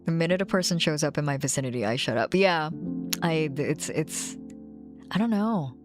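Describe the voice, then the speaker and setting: A woman's voice: sits low, lively intonation, moderate pace, over music. A young woman hosting a casual co-working stream, chatting with viewers and cooing over her cat. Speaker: streamer host. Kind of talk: casual chat with chat readers.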